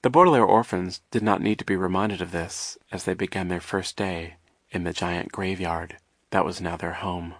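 A man with a lowish voice reads an audiobook in a wry, measured way. The recording is dry and close, with no room sound. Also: fairly even intonation, fairly bright tone, no room sound. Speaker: narrator. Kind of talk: audiobook narration.

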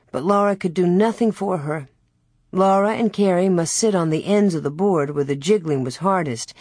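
A woman reading a classic children's story aloud in a steady, unhurried narration. Her voice sits low and a little husky, recorded close and dry with no room around it. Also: no echo. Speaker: audiobook narrator. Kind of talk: scripted narration of a children's novel.

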